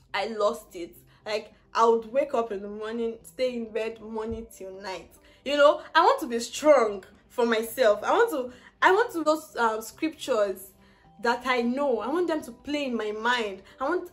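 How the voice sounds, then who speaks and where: Emotional young woman, high voice. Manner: emotional, laughs through tears, faith-filled encouragement. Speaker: vlogger. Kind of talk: personal storytelling vlog.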